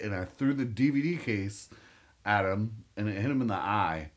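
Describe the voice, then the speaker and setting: A man's voice: on the low side, moderate pace. A young man co-hosting a podcast, telling a profane, rambling story in a casual chat. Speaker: podcast co-host.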